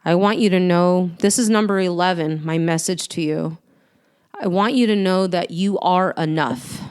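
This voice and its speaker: A woman speaks earnestly and warmly to her listeners in a motivational talk. Her voice is smooth and clear and sits a little low for a woman. She talks heartfelt and direct, pausing as she goes. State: tearful at times. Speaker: host.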